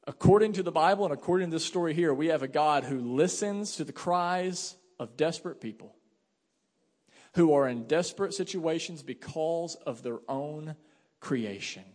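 A man in his thirties preaching a sermon as pastor, telling family stories with lively asides and fillers. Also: on the high side. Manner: animated storytelling with asides and fillers. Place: church sanctuary. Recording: hall reverb.

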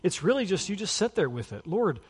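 A man's voice: sits high, very animated, fast, husky. A man in his thirties preaching a sermon in a casual, conversational way, full of "like" and "you know". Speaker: pastor. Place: church sanctuary. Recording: long church hall reverb.

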